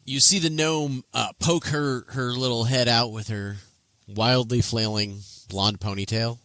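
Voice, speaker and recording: Male game master, bright, animated delivery, dry close mic. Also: mid-range voice, a little slow, dry recording. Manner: animated, playful narration. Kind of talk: narrating a tabletop game.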